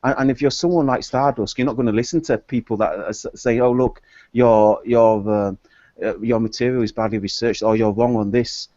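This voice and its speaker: A man's voice: mid-range voice, steady tone, brisk, dark tone, dry recording. A man in a casual group chat, opinionated and hesitant, often repeating his words. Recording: dull lo-fi online call audio.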